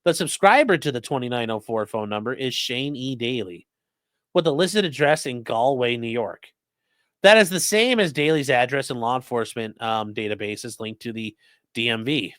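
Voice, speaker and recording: A man's voice: medium pitch, lively intonation, normal speed, fairly bright tone, dry recording. A man hosting a true crime livestream, reading court papers aloud with sarcastic, profane asides. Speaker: host.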